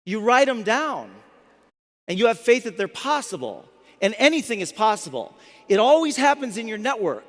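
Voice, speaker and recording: High-voiced man telling stories in a hall. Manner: animated storytelling, restarts words often. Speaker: motivational speaker. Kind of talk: storytelling talk to a live audience. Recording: long hall reverb.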